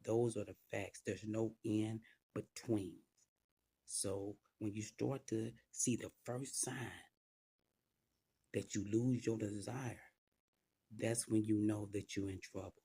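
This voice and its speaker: A man's voice: fairly low pitch, fairly even intonation, slow pace, gravelly, warm tone, breathy edge. A man preaching informally to the camera in a conversational way, often turning to the listener with asides.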